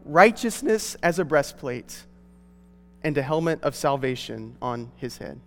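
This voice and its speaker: A man's voice: mid-range voice, very animated, unhurried. A pastor delivering an earnest, emphatic sermon to his congregation in a church. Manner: earnest, emphatic preaching with rising stresses. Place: church sanctuary. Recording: long hall reverb.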